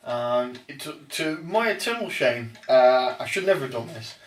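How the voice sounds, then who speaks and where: A man's voice: medium pitch, big pitch swings, moderate pace, recorded from a distance. A man hosting a casual chat about tabletop games, often hesitating and restarting his sentences. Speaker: podcast host. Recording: roomy echo, off-mic, faint noise.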